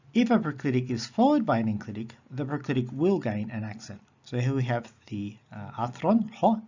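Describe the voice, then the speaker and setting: A man teaching a recorded lesson on Greek accents, methodical and repeating key terms slowly. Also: mid-range voice, darkish tone, husky, lo-fi sound.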